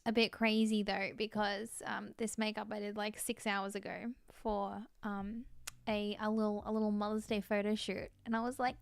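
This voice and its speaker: A woman's voice: medium pitch, level tone, normal speed, creaky, clear, resonant tone, no room sound. A woman chatting casually on her live stream, bubbly and giggly, thanking viewers and admitting she feels scattered.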